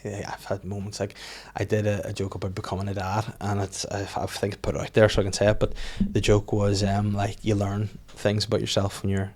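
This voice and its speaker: Male podcast host and comic, slightly low voice, rambling, full of restarts. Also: monotone, a little fast, few pauses, darkish tone. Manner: rambling, with many restarts and acted-out quotes. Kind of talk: casual podcast chat.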